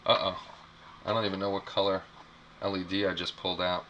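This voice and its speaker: A man's voice: low-pitched, flat delivery, brisk, fairly bright tone, highs cut off. A man hosting a casual live unboxing stream from a small apartment, rambling, repeating himself and reacting to chat. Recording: clear background noise.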